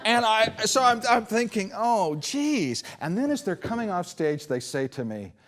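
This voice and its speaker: A man, a composer and performer, telling a story to a live audience during an interview and acting out the quotes. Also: moderate pace. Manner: animated, acts out quotes with big pitch swings.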